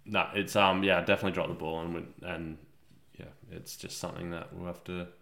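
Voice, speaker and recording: A man's voice: sits low, level tone, fairly quick, creaky, a bit bright. A young man co-hosting a podcast, chatting casually and rambling with laid-back, trailing sentences. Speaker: podcast co-host. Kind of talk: casual chat.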